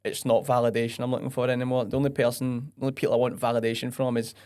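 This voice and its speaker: A man's voice: mid-range voice, level tone, racing, a little mellow. A young man with a West of Scotland accent, a podcast guest chatting casually and bluntly, swearing and using lots of fillers. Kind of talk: casual chat.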